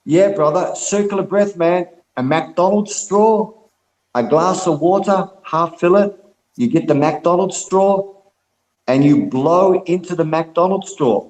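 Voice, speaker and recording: A relaxed man who rambles along in a casual group chat, and his voice sits a touch higher than most men's. He swears freely and calls everyone mate. The sound is echoey and roomy, as if he is talking in a bare room. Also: measured pace. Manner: rambling, laid-back, heavy swearing, calls people mate and brother.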